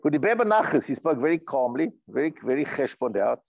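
A rabbi teaches a class through storytelling, reading Hebrew passages aloud and translating them, earnest and emphatic, often repeating and restarting his words. His medium-pitched voice is sing-song and a little mellow, with vocal fry, a slightly fast pace, and hardly any pauses. There's no echo, but the highs are cut off.

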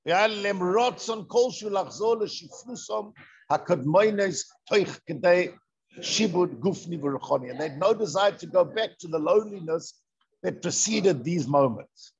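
A man giving a lively Torah lecture, firing rhetorical questions and answering them himself. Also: high-pitched, a little slow, slightly rough. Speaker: Torah teacher. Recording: dull lo-fi recording.

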